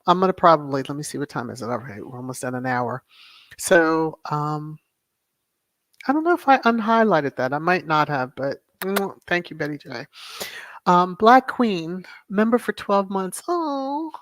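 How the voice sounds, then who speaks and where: Livestream host, casual and soothing, mid pitch, dry close mic, repeats affirmations while reading comments. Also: fairly bright tone, dry recording. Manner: reads viewer messages aloud and repeats thanks and affirmations.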